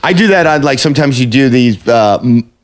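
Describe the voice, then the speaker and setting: A man who is a comedian, chatting casually and telling stories with bursts of high-pitched mimicry. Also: animated, a little fast. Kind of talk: casual chat.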